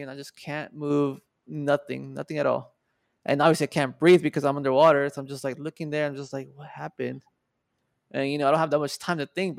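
Gravelly young man telling a story. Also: fairly high pitch, no room sound, clean studio sound. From Mexico. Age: 20s. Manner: profane, animated retelling with quoted dialogue. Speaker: podcast guest. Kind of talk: casual storytelling.

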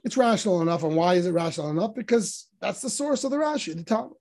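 A fast-talking Torah teacher with a high, slightly mellow voice and lively intonation walks his class through religious commentary. He explains with emphatic rhetorical questions, his voice rising when he quotes.

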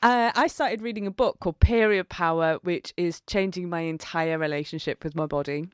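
A woman co-hosting a radio show in casual chat, bubbly, quick to laugh and fond of sarcastic asides. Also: lowish voice, clear, resonant tone, no echo, studio quality. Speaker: podcast co-host.

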